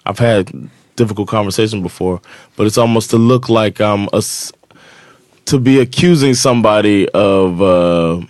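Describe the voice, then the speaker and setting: A man's voice: lowish voice, moderate pace, no echo, studio quality. A man co-hosting a podcast, telling a long personal story in casual chat and acting out what others said. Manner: animated storytelling, acts out quoted dialogue. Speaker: podcast co-host.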